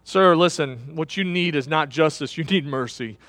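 A man voicing a calm male photographer who answers in a quiet, measured, deadpan way. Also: a little high, dry recording, natural voice.

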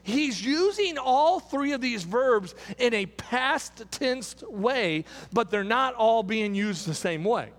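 A man with a very high voice preaches a sermon as pastor, driving his points home through emphatic repetition. His words ring out with the long reverb of a large hall. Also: animated, takes it slowly, hardly any pauses, a bit bright.

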